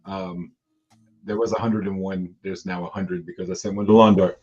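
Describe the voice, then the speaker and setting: Easygoing male co-host, lowish voice, slightly muffled mic. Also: level tone, moderate pace, darkish tone, breathy edge. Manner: laid-back, laughs often, stumbles over restarts. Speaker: livestream co-host. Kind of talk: casual chat.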